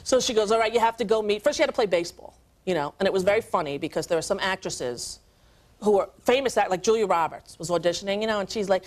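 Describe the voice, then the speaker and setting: A woman in her thirties, a talk show guest, telling comic stories in an animated way and doing voices of the people in them. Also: mid-range voice, fast talker. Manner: animated, does voices of family and stars. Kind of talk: comic storytelling. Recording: archival TV tape, faint hiss.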